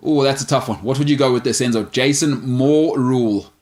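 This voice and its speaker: Male sports show host, mid-pitched, loose and joking, stumbles over odd names and holds strong opinions. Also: moderate pace, darkish tone. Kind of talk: casual sports chat reading viewer questions.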